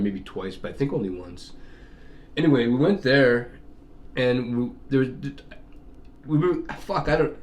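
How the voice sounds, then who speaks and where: A man's voice: mid-range voice, a little mellow. A middle-aged man from Canada, casually telling a rambling, profane story and laughing often. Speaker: vlogger. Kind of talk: casual chat.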